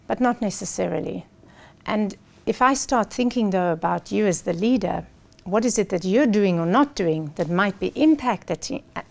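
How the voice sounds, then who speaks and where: Woman coach, gravelly voice, lively storyteller, studio interview guest. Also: medium pitch. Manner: animated storyteller, acts out quoted speech.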